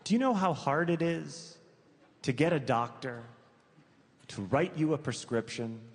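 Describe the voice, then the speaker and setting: A man performing stand-up comedy, telling a story in a conversational way, stacking asides and self-corrections and delivering absurd details deadpan. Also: on the high side, measured pace. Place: comedy club stage before a live audience. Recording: reverberant venue with crowd ambience.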